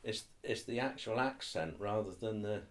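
Thoughtful older man, lowish voice. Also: animated, moderate pace. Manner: thoughtful, hesitant, restarts often, uses tag questions. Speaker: interviewee. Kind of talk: reflective oral-history interview.

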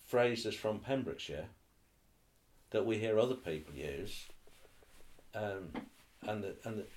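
A man's voice: lowish voice, lively intonation, a little slow, a little mellow. An older man being interviewed, speaking thoughtfully and hesitantly, with restarts and tag questions. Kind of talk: reflective oral-history interview.

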